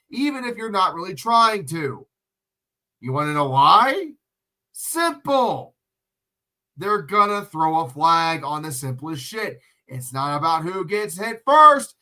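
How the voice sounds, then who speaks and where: He's a livestream commentator with a high, sharp voice, swearing and ranting bluntly while calling a football game and lecturing players between plays.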